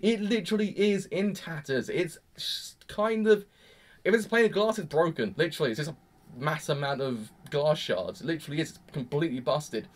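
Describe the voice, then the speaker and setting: Rambling young man, slightly high. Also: moderate pace. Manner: rambling, exasperated, emphatic. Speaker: anime reviewer. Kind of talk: casual reaction commentary.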